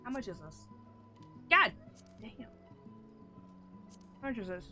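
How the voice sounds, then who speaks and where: Excitable woman streamer with a bright voice. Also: a little high, takes it slowly, soft background music. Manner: excitable, swings from mutters to loud outbursts, swears freely. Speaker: game streamer. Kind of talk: casual live-stream chatter.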